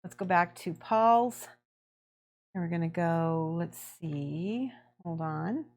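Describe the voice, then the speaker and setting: A woman's voice: lowish voice, takes it slowly. A middle-aged woman hosting a miniature painting livestream, chatting casually and laughing often as she greets viewers by name.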